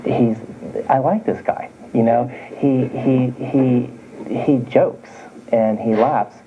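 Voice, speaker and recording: A man's voice: medium pitch, slow, slight background noise. A man working as a psychic medium, giving a chatty live reading to sitters, circling back to restate his points. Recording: dull lo-fi recording.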